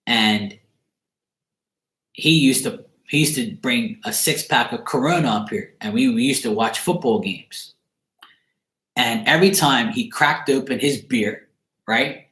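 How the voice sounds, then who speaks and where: A man's voice: mid-range voice, pushed and bright. A man, a psychic card reader, casually telling a story in his apartment in a loose, profane, rambling way. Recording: echoey room.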